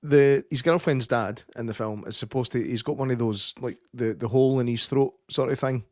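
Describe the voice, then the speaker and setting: A man's voice: medium pitch, fairly quick, a little mellow, no room sound, clean studio sound. A Scottish man co-hosting a film-review podcast, telling stories in a sweary, ranting way. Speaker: podcast co-host. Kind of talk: casual chat, film review. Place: studio.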